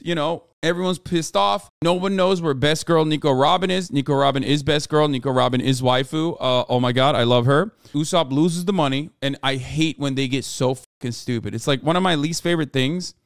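A man streaming live, ranting casually to his chat, animated and exasperated, with heavy swearing. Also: fairly high pitch, clean tone, dry recording, studio quality.

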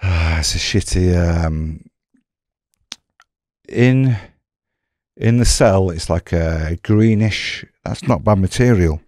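Casual: guy with a low dark voice, rambly and sweary, dry close mic. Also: takes it slowly, long pauses, no echo. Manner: rambling, swears freely, restarts. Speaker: guest, former prisoner. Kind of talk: casual storytelling.

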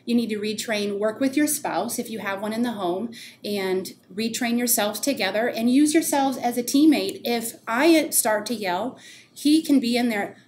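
A woman's voice: on the high side, normal speed, darkish tone, slight background noise. A woman co-hosting a faith and parenting podcast, speaking earnestly and quoting scripture. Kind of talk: casual chat on faith and parenting.

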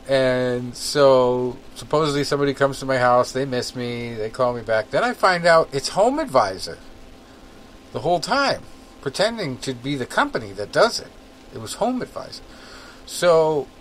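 A man's voice: mid-range voice, a little hiss or hum, low-quality recording. Rambling man chatting on a podcast. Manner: rambling, filler-heavy storytelling. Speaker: podcast co-host. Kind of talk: casual chat.

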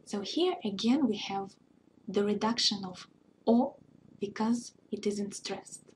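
A woman tutor teaching a beginner language lesson, reading each example word aloud twice in a slow, deliberate way. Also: mid-range voice, darkish tone, slight background noise.

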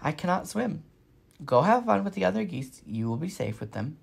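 Figure: a man doing a female robot acting as a gentle mother. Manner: stiff, earnest, careful. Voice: raised pitch, gravelly and husky. Style: storybook read-aloud. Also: sing-song, moderate pace, heavily acted.

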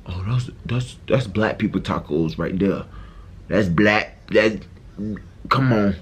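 A man's voice: on the low side, slow pace, background noise. A man hosting a casual reaction video, talking in a brash, profane and exaggerated way.

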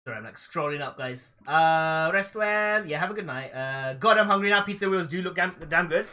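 A man's voice: a little high, animated, fairly quick, bright, forceful tone. A young man hosting a cooking live stream, chatting casually with lots of fillers and laughs. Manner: laughs often, rambling with fillers.

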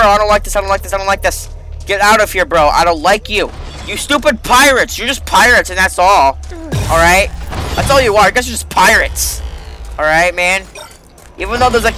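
High, bright excitable gamer guy. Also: slight background noise. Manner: excitable, yelping, rambling jokes. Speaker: gaming YouTuber. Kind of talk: let's play commentary.

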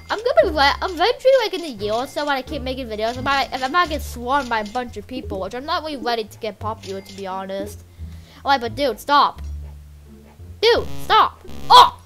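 A woman casually commenting while playing a game, rambling and excitable with lots of filler words. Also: fairly high pitch, a little fast, soft background music. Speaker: gameplay channel host.

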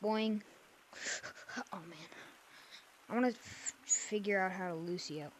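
A woman's voice: mid-range voice, slow, a little hiss or hum. A woman giving playful, silly gameplay commentary into a headset mic, swinging from mumbled asides to squeals. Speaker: gaming video creator.

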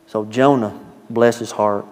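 A man preaching a sermon, telling a story in a folksy, animated way that swings from hushed asides to loud, emphatic quotes. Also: on the low side, unhurried. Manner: folksy, repeats words at the start of phrases. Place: church sanctuary. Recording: long church-hall reverb.

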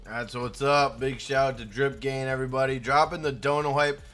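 Hyped young streamer guy, bright voice. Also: mid-range voice, little pitch movement, normal speed, soft background music. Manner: hyped, shouts out chat names. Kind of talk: casual live-stream chat.

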